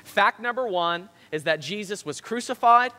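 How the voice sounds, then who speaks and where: A high, lively male preacher delivers a sermon with emphatic stress, his voice bright and ringing. The sound carries a long reverb from the church hall around him. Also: moderate pace. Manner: emphatic, rising and falling for stress. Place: church sanctuary.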